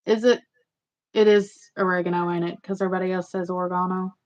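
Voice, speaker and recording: A chatty woman rambles to her viewers as she hosts a casual livestream. Her voice sits at an ordinary middle pitch. The audio is slightly muffled and lo-fi. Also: fairly even intonation, fairly quick, darkish tone. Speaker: livestream host.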